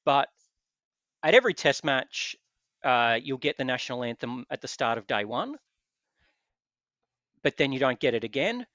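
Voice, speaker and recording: A man's voice: mid-range voice, normal speed, long pauses, dry recording, lo-fi sound. A man with an Australian accent hosting a casual chat, telling stories with hesitant restarts. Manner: animated storyteller with hesitant restarts. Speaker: podcast host.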